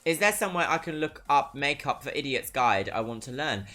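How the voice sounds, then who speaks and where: A livestreamer with a southern English accent chats casually with viewers, reading out their messages. The voice is bright and forward, perky on greetings and dry on asides. Soft music plays faintly in the background. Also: mid-range voice, a little fast. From Brighton, England. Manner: chatty and expressive, swinging between perky greetings and dry asides.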